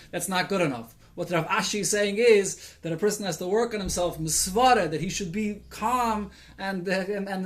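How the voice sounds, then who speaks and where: High-voiced rabbi teaching the Talmud. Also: male voice. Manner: reads Aramaic text and explains it in English with Yiddish and Hebrew terms; thinks aloud, with restarts and fillers. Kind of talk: Talmud study lesson.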